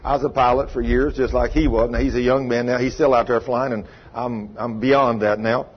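Folksy older preacher, husky. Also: male voice, mid-range voice, little pitch movement, a little fast. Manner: folksy, earnest, asks listeners questions. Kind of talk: conversational sermon. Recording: dull lo-fi recording.

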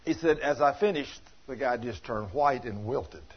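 A man preaching a sermon in a folksy, animated way, retelling conversations as stories. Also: medium pitch, normal speed, slightly rough. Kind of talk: sermon storytelling. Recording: dull lo-fi recording.

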